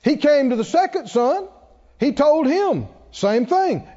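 A male pastor preaches with call-and-response, his high voice rising and falling animatedly. He speaks slowly and deliberately. A dull, lo-fi recording adds a long hall echo. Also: sing-song, warm tone. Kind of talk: sermon.

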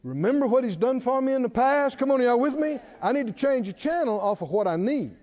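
A man preaching a sermon with animated delivery, repeating phrases and quoting scripture. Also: very high voice, brisk, muffled recording. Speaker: pastor.

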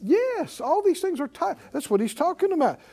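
A man preaching a broadcast sermon, animated and building to emphatic shouts. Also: very high-pitched, normal speed.

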